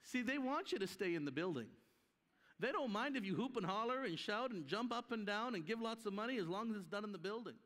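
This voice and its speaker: A man's voice: high voice, lively intonation, a little fast, fairly bright tone. A man preaching a conference sermon with emphasis, acting out the voices of people in his story. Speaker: guest preacher. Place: church hall. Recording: live hall with long reverb.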